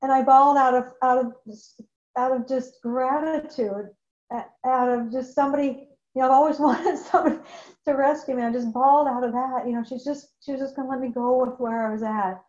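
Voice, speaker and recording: A woman's voice: high-pitched, steady tone, a little fast, darkish tone. A woman giving an emotional, candid personal testimony about her recovery, often repeating phrases for emphasis. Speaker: speaker sharing her recovery story. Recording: echoey, dull lo-fi room recording.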